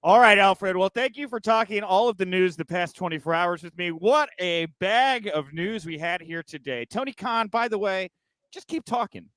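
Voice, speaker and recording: Male podcast host, joking and sarcastic in casual news chat, with a smooth, high voice on a dry recording. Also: moderate pace, hardly any pauses, a bit bright, no room sound.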